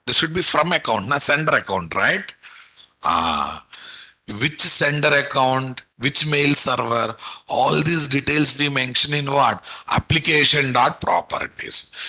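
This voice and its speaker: A man's voice: medium pitch, sharp tone, husky, poor audio. A man teaching a live online class, repeatedly quizzing his students with rhetorical questions and coaxing them along. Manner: repetitive, coaxing teacherly delivery. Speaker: programming instructor.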